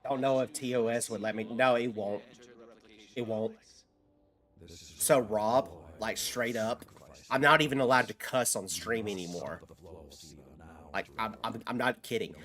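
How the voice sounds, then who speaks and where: A man streams a video game, rambling loosely with his viewers, answering chat, and swearing freely as he plays. His voice is on the low side, with a fairly bright tone and a normal pace.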